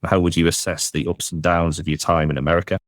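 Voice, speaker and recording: Very deep-voiced male podcast host. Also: level tone, no room sound, clean studio sound. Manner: measured, hesitant, trailing "sort of". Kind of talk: interviewing a guest.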